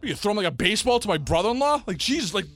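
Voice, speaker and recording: A young man, co-hosting a casual sports podcast and telling an animated story in which he acts out the people in it. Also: sits high, very fast. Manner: animated storyteller, acts out quoted voices loudly. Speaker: podcast co-host.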